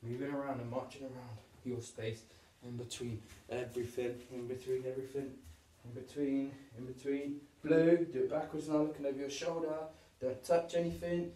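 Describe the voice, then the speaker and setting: With upbeat encouragement, the PE teacher counts down and shows young children each move during a home lesson. He talks at normal speed with few pauses, in a steady, mellow mid-range voice. His distance from the camera makes the voice sound remote, and the room lends it an echo.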